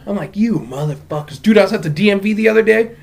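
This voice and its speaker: A young man from Southern California, co-hosting a podcast and telling stories in casual chat, animated and profane. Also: sits high, racing, vocal fry. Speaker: podcast co-host.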